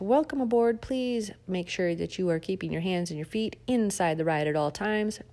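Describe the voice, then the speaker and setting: A woman with a slightly low voice hosts her own podcast in a loose, chatty monologue. She leans hard into sarcasm and scattered fillers, and her pitch swings up sharply when she mocks. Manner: sarcastic, animated, lots of fillers. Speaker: podcast host. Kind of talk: casual opinion monologue.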